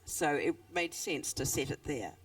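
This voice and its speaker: Older New Zealand author on stage, relaxed and chatty; slow talker, distant mic. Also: female voice, low voice, no echo. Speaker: children's author. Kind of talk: stage interview. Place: stage at a book fair.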